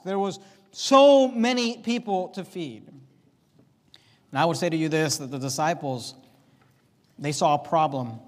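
A man with a high voice preaches a sermon to his congregation, driving his points home with emphasis. His words ring out with long reverb, as if he is in a large church sanctuary. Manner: emphatic preaching, acts out the disciples' complaints. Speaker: pastor. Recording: reverberant hall.

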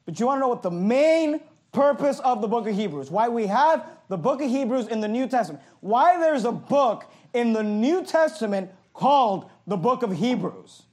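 A man preaching a passionate sermon, reading scripture slowly and emphatically and adding sarcastic asides. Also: very high voice, lively intonation, a little mellow. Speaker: pastor.

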